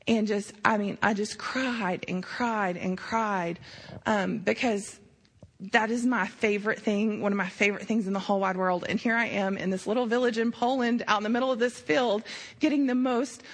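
Husky woman giving a testimony. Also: medium pitch, fairly even intonation, moderate pace. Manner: emotional, filler-heavy storytelling. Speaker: church member sharing a mission trip testimony. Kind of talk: casual testimony.

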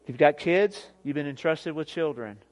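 A man in his thirties preaching a sermon as pastor, emphatic, swinging from near shouts to quiet, often asking "guess what". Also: fairly high pitch, moderate pace. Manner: emphatic preaching, rising to near shouts then dropping soft; repeats "guess what" and laughs at his own jokes.

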